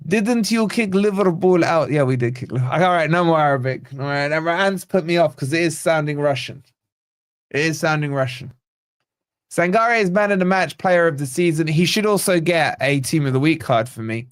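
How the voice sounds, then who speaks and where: A man hosts a live football fan stream, chatting loosely and reading out comments from viewers. His voice sits a little high for a man. The sound is dry and close, with no room echo. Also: a little fast, clean tone. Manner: laid-back banter, reads viewer comments aloud. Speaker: host of a football fan channel watch-along. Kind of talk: live match watch-along commentary and chat reading.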